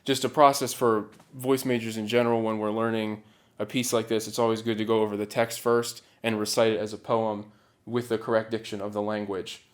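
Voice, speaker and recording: A man's voice: fairly low pitch, flat delivery, brisk. A man teaching a singing diction lesson, explaining patiently step by step. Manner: patient, instructive.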